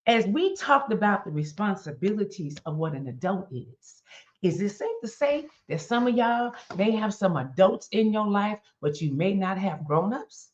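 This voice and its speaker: A woman's voice: medium pitch, very animated, normal speed, a little mellow. A middle-aged woman, giving a motivational talk in a preaching style and asking her audience pointed questions. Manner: emphatic, addresses audience directly with questions. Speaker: motivational speaker. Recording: dull lo-fi recording.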